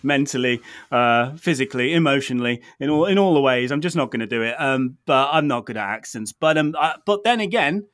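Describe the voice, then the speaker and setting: An English man from the Midlands, talking in a loose, rambling way, full of "um"s and restarts. His voice sits at an ordinary middle pitch, and the recording is dry and close with no room sound. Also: expressive, brisk, few pauses, fairly bright tone, no echo. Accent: English, lived in London. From England, near Birmingham. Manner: rambling, self-deprecating, many fillers and restarts. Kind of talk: casual chat.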